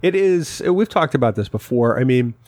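A man's voice: medium pitch, animated, normal speed, a little mellow, no echo. A man hosts a podcast in casual chat. He teases his co-hosts, then turns earnest, and his voice sits close and dry. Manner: teasing, earnest about fandom. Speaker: podcast host.

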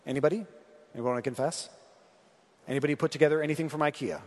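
A man's voice: on the high side, rapid-fire. A man preaching a sermon in a conversational way, reading scripture and asking the congregation questions. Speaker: pastor. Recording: long hall reverb.

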